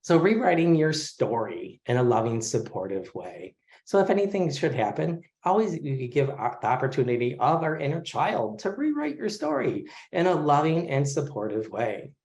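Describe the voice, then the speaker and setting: A man in his forties teaching an online therapy class, talking in a relaxed, conversational way with many fillers over a video call. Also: on the high side, moderate pace, few pauses. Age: 40s. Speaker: craniosacral therapy instructor. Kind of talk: casual online lecture.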